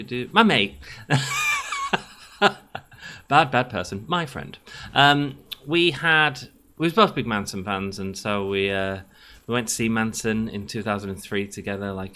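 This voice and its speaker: A man's voice: fairly low pitch, pushed and bright. A man in his late thirties, a gaming channel host telling a long rambling story while he plays, acting out both sides of the quoted dialogue. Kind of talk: casual storytelling while playing a game.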